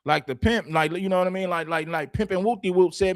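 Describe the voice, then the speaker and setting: A man's voice: high-pitched, fast, dry recording, studio quality. A man hosting a livestream, giving blunt, preachy opinions and repeating phrases for emphasis. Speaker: livestream host.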